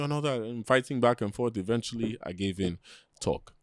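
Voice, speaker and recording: A man's voice: medium pitch, fast, dry recording, studio quality. A young man, telling a personal story in a casual, slangy podcast chat and acting out what others said. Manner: animated storyteller, slangy, acts out quoted voices. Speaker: podcast co-host.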